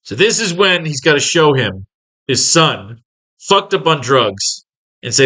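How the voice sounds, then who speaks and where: A man's voice: fairly high pitch, very animated, measured pace, sharp tone. A man teaching comic writing in a casual, rambling and profane way, acting out scenes as he plans pages.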